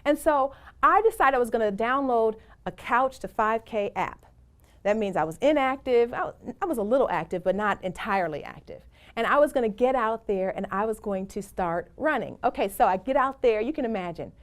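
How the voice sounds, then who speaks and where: A woman's voice: on the high side, animated, a little fast. A middle-aged woman giving a motivational presentation, speaking in an emphatic, encouraging way and telling personal stories.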